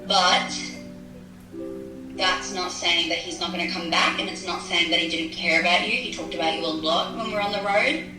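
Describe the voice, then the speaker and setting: A woman with an Australian accent playing her character in a tabletop game, talking in an earnest, gentle way. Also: lowish voice, steady tone. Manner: earnest and gentle, slow when consoling. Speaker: player. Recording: distant roomy sound with background music.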